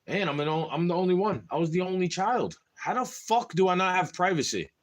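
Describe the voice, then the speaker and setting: A man's voice: sits high, lively intonation, brisk. A young man venting in a rambling, casual monologue to camera, frustrated and full of slang. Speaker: vlogger.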